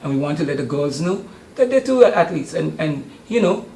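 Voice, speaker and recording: A man's voice: a little high, big pitch swings, brisk, creaky, dark tone, slight background noise. An older man, chatting in an interview about the youth sports camp he runs, with many hesitant ums. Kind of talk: casual interview. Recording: roomy studio sound.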